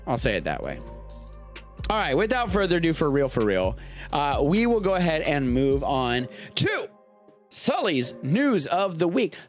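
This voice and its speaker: A man's voice: fairly high pitch, normal speed, soft background music. An American man hosting a live-streamed show, chatting casually in a rambling, jokey way. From United States. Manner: rambling, animated, jokey asides. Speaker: podcast host.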